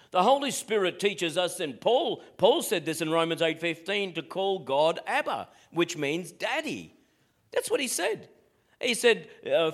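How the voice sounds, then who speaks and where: A man's voice: high voice, very animated, moderate pace, a bit bright. A middle-aged man preaching a sermon, asking his congregation rhetorical questions as he goes. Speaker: pastor.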